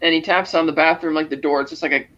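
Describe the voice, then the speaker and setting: A man's voice: on the high side, steady tone, quick pace, fairly bright tone, muffled recording. A man co-hosting a podcast, casually retelling a movie's scenes and acting out the characters' lines. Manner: retells scenes with acted-out quotes. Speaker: podcast co-host. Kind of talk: casual movie recap chat.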